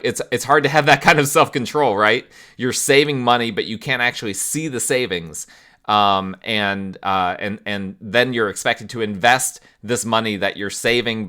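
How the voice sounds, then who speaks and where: Bright-toned male podcast host. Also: lowish voice. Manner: conversational, asks the audience rhetorical questions. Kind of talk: explanatory monologue.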